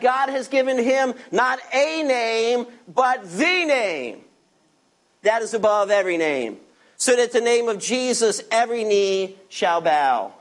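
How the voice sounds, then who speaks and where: A man preaching a sermon, directly addressing his listeners and stretching key words slowly for emphasis. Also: high-pitched. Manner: addresses listeners directly, asks them to turn pages. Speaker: pastor.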